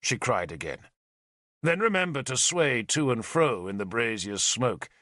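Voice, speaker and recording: A man narrating an audiobook in a dramatic, measured storytelling way. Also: medium pitch, sing-song, sharp tone, dry recording, studio quality.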